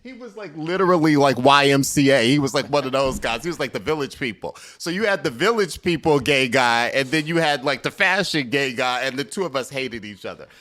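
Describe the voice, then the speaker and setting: Man, interview guest, campy storyteller with lively quoted voices. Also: brisk, few pauses. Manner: animated, campy, acts out quotes with big pitch jumps. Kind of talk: casual storytelling.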